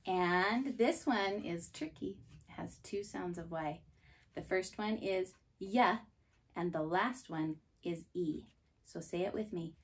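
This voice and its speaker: Slow, clear woman teaching preschool phonics. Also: on the low side. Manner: slow and clear, repeating each word twice. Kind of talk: phonics lesson for young children.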